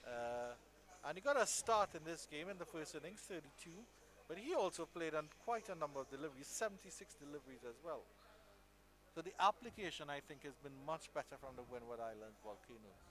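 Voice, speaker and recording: A male cricket commentator calls the play live with a bright, forceful tone and a voice pitched a touch high. He stays measured between deliveries. When a big shot lands he breaks into loud, excited calls.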